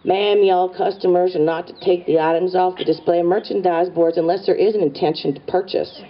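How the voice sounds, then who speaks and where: A woman playing a stiff, officious male store clerk from Arkansas who recites shop rules in a flat monotone. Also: on the low side, brisk, natural voice. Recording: distant, dull live recording with crowd and noise.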